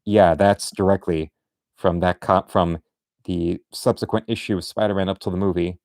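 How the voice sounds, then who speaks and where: Artist rambling while drawing, deep and mellow, dry close mic. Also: male voice, fairly even intonation, moderate pace, dry recording. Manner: rambling, many restarts, trails off to muttering. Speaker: artist streaming a drawing session. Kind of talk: casual commentary while drawing.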